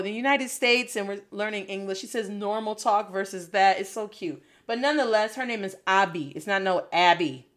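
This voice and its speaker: A woman's voice: medium pitch, fairly bright tone. A woman coaching learners in a casual video lesson, encouraging and dropping Spanish phrases into her English.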